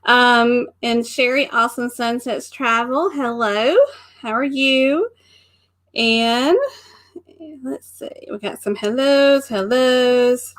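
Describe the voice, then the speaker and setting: A woman's voice: fairly high pitch, steady tone, slow, fairly bright tone. A middle-aged woman co-hosting a casual live stream, greeting viewers by name and laughing often. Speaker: co-host of a live travel stream.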